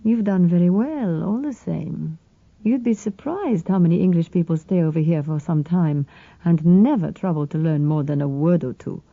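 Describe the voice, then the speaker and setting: A woman voicing a burly, genial Greek man in his late forties who speaks with a Greek accent in a smooth, ingratiating way. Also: fairly low pitch, lively intonation, normal speed, no room sound, phone-quality sound.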